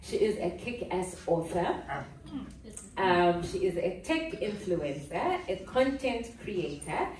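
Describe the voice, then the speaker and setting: Woman MC announcing a speaker, bright and animated, heard from afar in a roomy hall. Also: on the low side, takes it slowly. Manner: lively, announcing. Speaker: event MC. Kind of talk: introducing a speaker. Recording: echoey hall from a distance.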